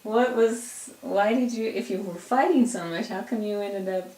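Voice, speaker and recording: A woman's voice: medium pitch, moderate pace, warm tone. A woman asks a relative hesitant questions and restarts them as she goes. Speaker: family member interviewing. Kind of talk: casual questions. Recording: echoey room, mic far off.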